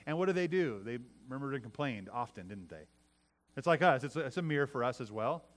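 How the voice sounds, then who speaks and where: A man's voice: mid-range voice, animated, fairly quick. A middle-aged man preaching a sermon in a conversational way, often asking his listeners "right?" and restarting his phrases. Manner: conversational preaching with many restarts and tag questions. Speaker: pastor.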